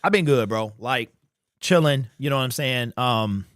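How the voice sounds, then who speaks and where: A man's voice: medium pitch, moderate pace, fairly bright tone, no echo, clean studio sound. Slangy man hosting a fan live stream. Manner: loose, slangy, greets chat members by name. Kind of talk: casual live stream chat.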